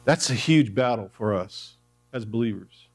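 A man's voice: medium pitch, expressive, a little slow, a little mellow. Man preaching a conversational sermon. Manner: conversational, with asides to the congregation. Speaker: pastor. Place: church.

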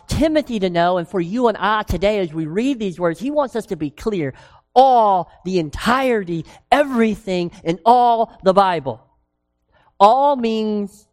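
A woman preaching a sermon with emphasis, asking the congregation rhetorical questions and slowing down on key words. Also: mid-range voice, a little mellow. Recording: long reverb of a large hall.

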